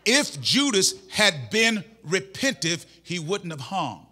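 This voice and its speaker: A man preaching a sermon as pastor in a church, impassioned, shouting and half-singing phrases. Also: sits high, big pitch swings, slow pace, slightly rough.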